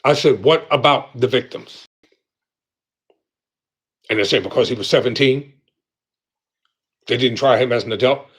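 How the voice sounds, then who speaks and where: A man's voice: medium pitch, brisk, pauses often, breathy edge. A man hosting a live commentary show, talking angrily and with heavy emphasis, repeating his points for force.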